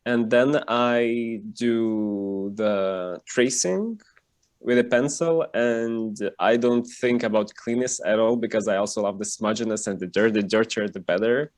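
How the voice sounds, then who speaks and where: A man who is a cartoonist, guest in a casual interview over a video call, talking with lots of fillers and lively emphasis. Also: fairly low pitch, a little slow.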